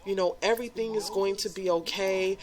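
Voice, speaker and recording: A woman's voice: mid-range voice, fairly even intonation, fairly quick, lightly acted. A woman voicing a protective young man with a thieving past in a life-sim game story, reassuring and earnest in her own everyday voice. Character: smooth-talking young man, protective thief.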